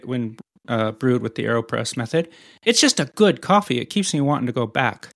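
A man co-hosting a casual podcast, chatting in a loose, playful way that wanders off on tangents and teases his co-host. His voice sits at an ordinary middle pitch. The sound is dry and close, with no room around it. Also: big pitch swings, fairly quick, gravelly, no room sound. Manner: playful, rambling, teasing. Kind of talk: casual chat.

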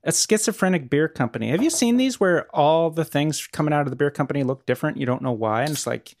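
A middle-aged man co-hosting a podcast in casual chat, blunt and animated, swearing offhand. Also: on the high side, fast, no echo, clean studio sound. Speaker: podcast co-host.

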